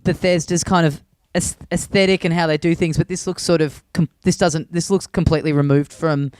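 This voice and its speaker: A man co-hosting a comedy podcast from a remote call, giving measured opinions with many hesitations. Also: on the high side, steady tone, a little mellow, dry recording. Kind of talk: casual chat.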